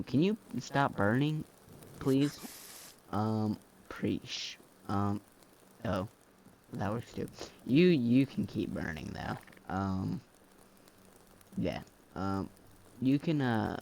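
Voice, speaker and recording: A man's voice: lowish voice, lively intonation, slow pace, vocal fry, long pauses, darkish tone, a little hiss or hum. A man giving casual gameplay commentary as a mod reviewer, rambling with many fillers and slang, recorded on a dull lo-fi mic.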